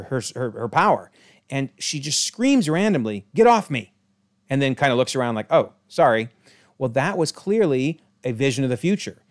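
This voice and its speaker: A man chatting through a TV episode recap with enthusiasm, stopping now and then to correct himself. He sits at a mid pitch with a lively, animated swing to his intonation. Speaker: YouTube show recapper. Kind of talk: casual episode breakdown commentary.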